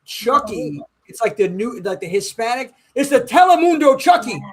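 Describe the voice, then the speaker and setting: A man's voice: very high-pitched, very animated, normal speed, breathy edge. A man hosting a casual chat, jokey and hyped, saying "yo" and "man" a lot.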